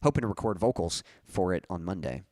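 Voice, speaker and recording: A man's voice: low voice, expressive, quick pace, a little mellow, no room sound. A man hosting a music livestream, chatting casually and answering viewer comments, rambling with many fillers and restarts. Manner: reads viewer comments aloud and answers them.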